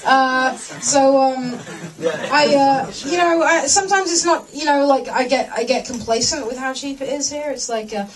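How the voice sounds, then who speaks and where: A woman's voice: high voice, normal speed, noisy background. A woman doing a stand-up comedy set, rambling and self-mocking, acting out market chats in voices. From English-speaking foreigner living in Germany. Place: comedy venue, large room. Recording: live set from far off, loud crowd.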